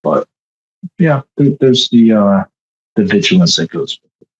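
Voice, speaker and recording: A man in a casual roundtable discussion, speaking in a measured way with hesitant fillers. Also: lowish voice, lively intonation, husky, dull audio. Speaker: roundtable participant.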